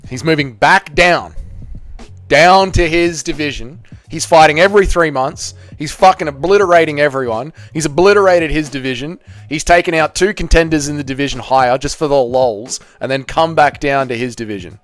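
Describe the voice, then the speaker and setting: A man's voice: a little high, normal speed, soft background music. A man hosting a live MMA reaction stream, chatting loosely with viewers and swearing freely.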